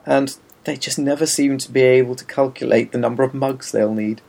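A man in easy conversation, spinning little anecdotes in a dry, deadpan way. He leans on mock-formal wording for comic effect, at a middling pitch. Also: fairly quick, creaky. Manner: wry, deadpan storytelling with mock-formal phrasing. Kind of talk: casual chat.

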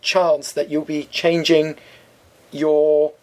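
A man co-hosting a podcast in a studio, talking in a dry, opinionated, deliberate way. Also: fairly high pitch, level tone, a little mellow. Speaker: podcast co-host. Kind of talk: casual chat.

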